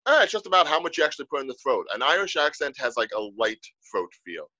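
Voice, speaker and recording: A man co-hosting a podcast, chatting casually and telling stories in an animated way. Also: on the high side, fast, no room sound, dull audio. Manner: animated, storytelling. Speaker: podcast co-host. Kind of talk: casual conversation.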